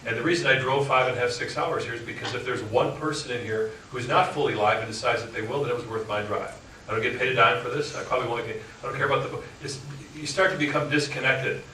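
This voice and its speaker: A man's voice: mid-range voice, quick pace. A man who hosts talk radio giving a frank, joking motivational talk to a live audience. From Upper Michigan. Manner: frank, joking, animated storyteller. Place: indoor meeting room with audience. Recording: echoey room, far from mic, noisy.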